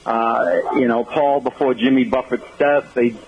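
Man on the phone, hurried, apologetic, distracted, muffled lo-fi line, faint hiss. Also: mid-range voice, steady tone, gravelly. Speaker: phone-in guest, event organizer. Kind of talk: casual radio phone interview.

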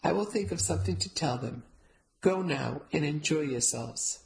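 A woman voicing a kind, wise elderly grandmother, who talks formally, gently and firmly. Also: sits low, expressive, moderate pace, creaky, poor audio. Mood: tender. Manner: formal, no contractions, gentle and firm.

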